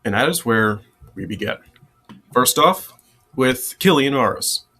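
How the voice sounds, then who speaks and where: A man's voice: medium pitch, expressive, a little slow, pushed and bright. Rambling male game master. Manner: rambling, restarts often. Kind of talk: narrating a tabletop game.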